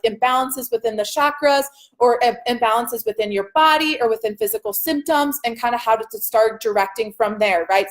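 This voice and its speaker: Upbeat spiritual coach woman, live stream. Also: fairly high pitch. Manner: casual, upbeat, says "okay?" and "y'all" often. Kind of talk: live stream talk to viewers.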